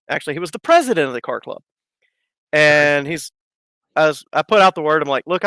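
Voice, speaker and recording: Bright, rambling man telling stories. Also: a little high, clean tone, no echo. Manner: rambling, laughing, acts out voices in his stories. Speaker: live stream guest. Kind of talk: casual storytelling.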